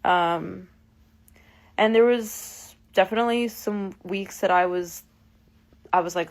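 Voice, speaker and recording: With a medium-pitched voice, slow pace, and long pauses, a woman in her twenties hangs out with fans on a casual livestream from her phone. Her talk is emotional and scattered with fillers and restarts.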